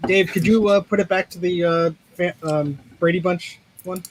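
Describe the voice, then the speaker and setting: A man with a high voice chats as a guest on a livestream and teases the others playfully. His call audio carries clear, steady background noise. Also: normal speed. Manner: playful, teasing. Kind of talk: casual chat on a livestream. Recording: noisy video call audio.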